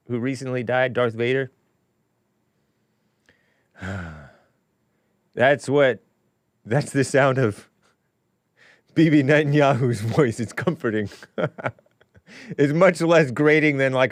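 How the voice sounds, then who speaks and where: Slow, rambling male show host. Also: medium pitch, no echo, studio quality. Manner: rambling, musing, offhand asides. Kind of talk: casual livestream monologue.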